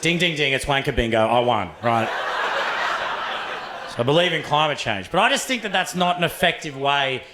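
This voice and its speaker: A man's voice: fairly high pitch, normal speed, heavy background noise. A young adult man with an Australian accent performing a stand-up comedy set, telling profane stories and acting out voices. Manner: profane, animated storytelling with acted-out voices. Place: comedy club stage. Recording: echoey club room, faint ambience.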